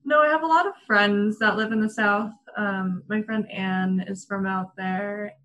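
A woman's voice: mid-range voice, steady tone, a little slow, a bit bright, lo-fi sound. Chatty giggly woman just hanging out talking, lots of ums and likes. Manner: giggly, chatty, many fillers. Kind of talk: casual chat.

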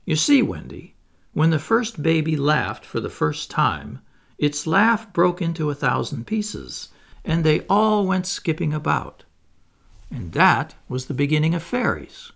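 Man reading as a cocky, carefree boy in a storybook, gravelly, husky, with a lively swooping voice. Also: a little high, measured pace, voice pushed up, full character voice. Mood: cheerful. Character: boastful, cheerful boy who never grows up.

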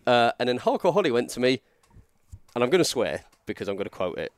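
A man's voice: mid-range voice, very animated, quick pace, no echo. A man, telling a wrestling story on a podcast in a rambling, self-mocking way. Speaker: podcast co-host, former wrestler. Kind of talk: casual storytelling chat.

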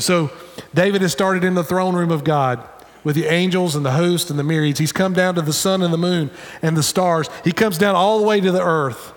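A man's voice: high voice, normal speed, in a large hall. A male pastor preaching a sermon in an earnest, conversational way, with wry asides. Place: church sanctuary.

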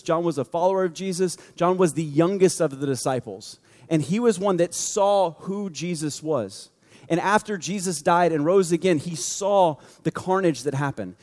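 A man with a high voice preaches a sermon in a loose, conversational way, full of jokes and lively asides. His voice rings through a large hall with a long, trailing reverb. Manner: animated, joking, conversational preaching. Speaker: pastor.

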